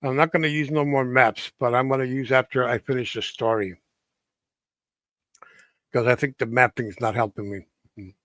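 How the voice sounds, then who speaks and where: A man telling a ghost story in a loose, casual way, often stopping to restart his sentences. His pitch sits in the middle. The sound is dry and close. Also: steady tone, a bit bright, no echo. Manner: halting, many restarts and fillers.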